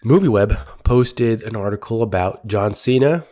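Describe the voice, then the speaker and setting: A young man co-hosts a casual movie podcast, rambling along with many fillers and restarts. His voice is on the low side with a dark tone, and he speaks at normal speed.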